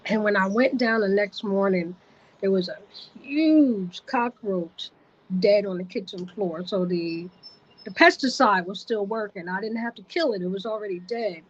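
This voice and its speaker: A woman's voice: medium pitch, moderate pace, muffled recording. A woman vlogger telling a personal story to the camera, vivid and repetitive in her retelling.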